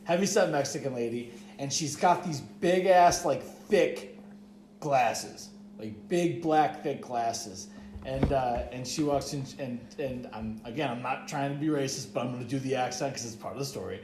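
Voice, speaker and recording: A man's voice: mid-range voice, normal speed, crowd noise. A young man telling a long story on a podcast, rambling, swearing freely and saying "like" constantly. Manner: rambling, profane, heavy use of "like". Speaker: podcast co-host. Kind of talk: casual storytelling chat. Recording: echoey room.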